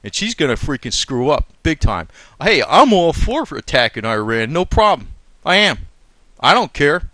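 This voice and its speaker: A man's voice: on the high side, sing-song, normal speed, pushed and bright, no room sound. A man giving a casual, off-the-cuff commentary, blunt and crude, talking heatedly and dropping lots of fillers. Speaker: political commentator. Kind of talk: casual off-the-cuff video rant.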